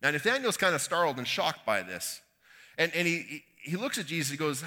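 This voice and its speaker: A man's voice: on the high side, very animated, fairly quick, bright, forceful tone. A man from Canada preaching a conversational sermon, retelling a Bible story with folksy asides and quoted voices. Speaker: pastor.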